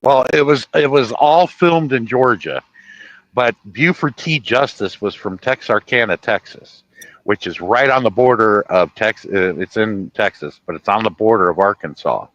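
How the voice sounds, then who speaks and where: A low-pitched man from Ohio rambles casually on a livestream, stopping to correct his own facts. His voice is recorded dry and close, with no room sound. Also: normal speed, a bit bright, dry recording, lo-fi sound. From Ohio, USA. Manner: rambling, correcting himself mid-sentence. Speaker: livestream host.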